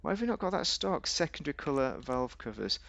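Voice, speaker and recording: A man with a gravelly, fry-tinged voice talks his way through a game in loose, chatty commentary. He rambles, jokes and argues with himself, and his pitch jumps up and down mid-sentence. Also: very animated, brisk, fairly bright tone, slight background noise. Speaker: gaming video host. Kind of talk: casual gameplay commentary.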